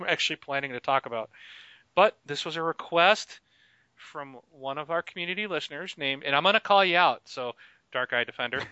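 A man's voice: medium pitch, sharp tone, clean tone, no echo. A man hosting a casual gaming podcast, chatty and laughing often. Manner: chatty and laughing, with frequent fillers. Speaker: podcast host. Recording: dry, slightly muffled home mic.

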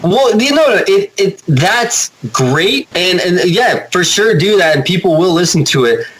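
A man chatting casually as a podcast guest, rambling and animated, swearing now and then. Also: high voice, a little slow, low-quality recording. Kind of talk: casual chat.

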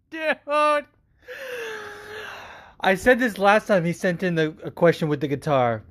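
A man talks on his podcast in a loose, profane rant, pressing his points over and over. His voice sits a bit high and the sound is dry and close, with no room around it. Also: lively intonation, brisk, hardly any pauses, no room sound. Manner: profane, ranting, emphatic. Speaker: podcast host. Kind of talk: casual chat. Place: home room with cats.

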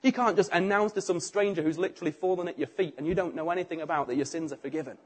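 A middle-aged British man preaching a sermon, telling the story with animated acted-out voices. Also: fairly high pitch, rapid-fire, breathy edge.

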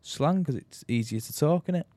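A man's voice: a little high, lively intonation, moderate pace, dark tone, no echo. Easygoing man. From Manchester, England. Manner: easygoing, slangy, hesitant restarts. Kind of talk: casual chat.

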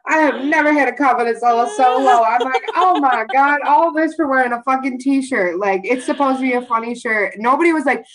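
A woman's voice: high-pitched, fairly quick, hardly any pauses, crowd noise, low-quality recording. A young woman co-hosting a podcast, telling a rambling story in casual chat with lots of swearing and laughter. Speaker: podcast co-host.

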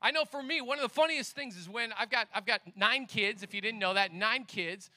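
High, bright-voiced pastor preaching outdoors. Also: male voice, fairly quick, no room sound, studio quality. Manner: animated storyteller acting out dialogue. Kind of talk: sermon. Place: outdoors downtown with passing motorcycles.

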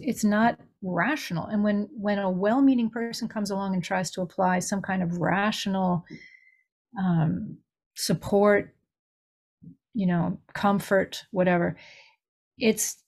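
A woman's voice: mid-range voice, darkish tone. Earnest middle-aged woman telling stories. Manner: earnest storytelling, acts out quoted voices. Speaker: grief recovery minister. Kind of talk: conversational podcast interview.

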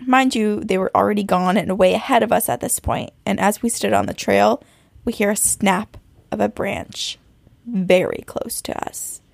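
Gravelly-voiced woman reading a scary story. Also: mid-range voice, fairly even intonation, moderate pace, no echo. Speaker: podcast co-host. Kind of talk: reading a listener's story aloud.

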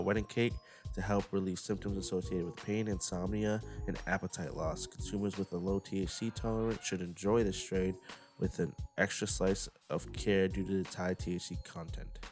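A man's voice: deep voice, level tone, normal speed, darkish tone, soft background music. A man casually reviewing cannabis strains on a vlog, reading descriptions aloud and stumbling over words, with laid-back slang.

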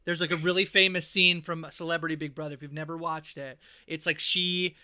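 A young man co-hosting a podcast, telling stories in animated casual chat with lots of "like". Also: fairly high pitch, a little fast, clean tone. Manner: animated storytelling, heavy filler "like". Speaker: podcast co-host.

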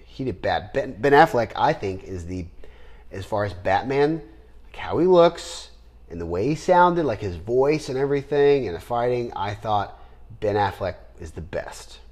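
A man hosting a podcast in casual chat, rambling and trailing off into low mutters. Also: animated, moderate pace, a little mellow. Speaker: podcast host.

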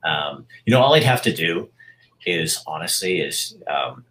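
Deep-voiced man in his sixties, reflective. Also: big pitch swings, a bit bright, poor audio. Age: 60s. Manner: reflective and frank, halting restarts. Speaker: interviewee. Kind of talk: candid personal interview.

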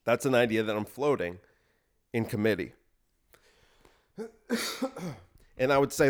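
A man hosting a podcast, delivering a deadpan comedic monologue of escalating absurd bits. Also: on the low side, moderate pace, pauses often. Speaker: podcast host.

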